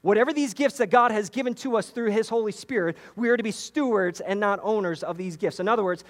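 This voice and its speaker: Man from New York, lively preacher in a reverberant sanctuary, higher pitch. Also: fast. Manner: animated preaching with repetitions and asides to the congregation. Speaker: pastor. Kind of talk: sermon. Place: church sanctuary.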